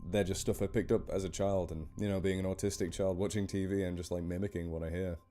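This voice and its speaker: A man's voice: low-pitched, level tone, quick pace, mellow, faint music behind. A man with a northern English accent chatting casually to his live stream viewers, rambling and over-enunciating his words. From northern England. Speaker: live stream horror story reader.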